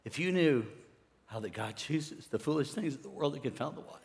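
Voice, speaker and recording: A pastor from Missouri preaching a sermon in a large church, telling a story and swinging between hushed and shouting. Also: male voice, fairly high pitch, lively intonation, brisk. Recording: long church hall reverb.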